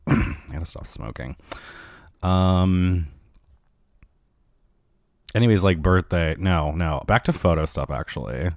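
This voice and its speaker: Deep-voiced man rambling casually. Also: slow pace, gravelly, pauses often, no echo, clean studio sound. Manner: rambling, filler-heavy, swears freely. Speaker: podcast host. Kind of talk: casual solo podcast chat.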